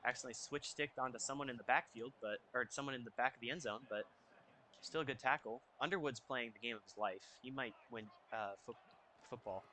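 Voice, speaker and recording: A young man giving casual, excitable commentary over a football video game, reacting out loud to each play. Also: mid-range voice, fast, slight background noise. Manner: excitable, reacting loudly to plays. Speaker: gaming YouTuber. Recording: faint music behind.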